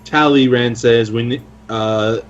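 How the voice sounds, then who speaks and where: A man co-hosting a live stream, relaxed and encouraging. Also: mid-range voice, takes it slowly, highs cut off, a little hiss or hum. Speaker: stream co-host. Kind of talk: casual live-stream chat.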